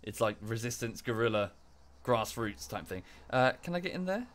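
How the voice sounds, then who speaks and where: A man's voice: mid-range voice, big pitch swings, moderate pace. A man streaming live, chatting casually in a rambling way with many fillers and restarts, thanking viewers in chat as he goes.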